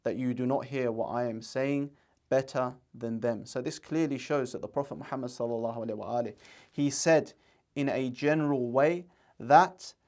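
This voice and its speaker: A man's voice: medium pitch, normal speed, a little mellow. A man presenting religious commentary in an earnest, argumentative way, reading out scripture and reciting Arabic quotations.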